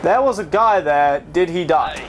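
A man commenting on his own gameplay with a high, bouncy voice that swings all over the place. He talks slowly and chats to his viewers. Game gunfire and noise sit clearly under him. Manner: excitable, chatty, talks to viewers, swears. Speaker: gaming video host.

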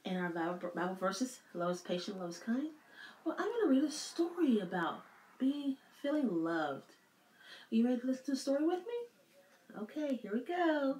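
A woman's voice: sits high, sing-song, normal speed, darkish tone. A woman leading a circle time lesson for young children, asking patient questions. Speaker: preschool teacher. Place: church classroom. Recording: echoey room, faint music.

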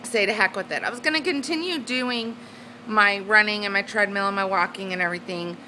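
A woman with a drawl talks straight to her camera in a loose, casual vlog. She sounds bubbly and easily excited, often breaking into giggles. Her voice has a bright, forward edge. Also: mid-range voice, fairly quick, slight background noise, poor audio. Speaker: weight-loss vlogger. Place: at home indoors, then on a swing.

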